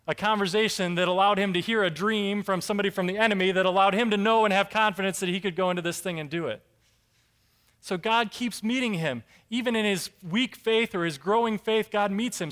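A man preaching a sermon, telling a Bible story with lively acted-out voices and emphatic rises. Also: high voice, a little fast. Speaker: pastor.

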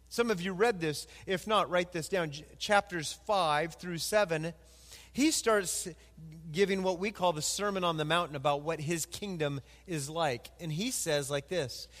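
A man preaching a sermon as pastor, animated and acting out quoted voices. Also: on the high side, long reverb tail.

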